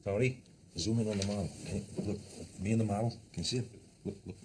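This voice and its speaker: An actor playing a crude, boastful tycoon who talks over everyone, in a satirical comedy film. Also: male voice, fairly low pitch, fast, noisy background, natural voice. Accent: New York. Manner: boastful, interrupts, bossy, rambling.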